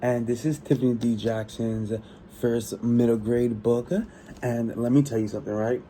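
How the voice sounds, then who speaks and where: A tired man chatting casually about a book he is reading, rambling and excitable, with frequent restarts and swearing. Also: mid-range voice, normal speed, a little hiss or hum, rough recording. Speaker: book vlogger.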